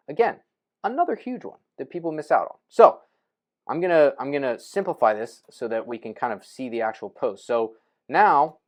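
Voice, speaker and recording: In a laid-back screen-share session, a real estate investing coach in his young adult years shows how he writes posts. He voices his thought process while typing, dropping "right?" and "boom." after each step.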